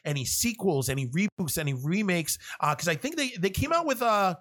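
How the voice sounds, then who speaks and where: Male host, loose profane rambler with many restarts, voice sits a touch high. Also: big pitch swings, fairly quick, a bit bright. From half Cuban. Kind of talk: casual monologue.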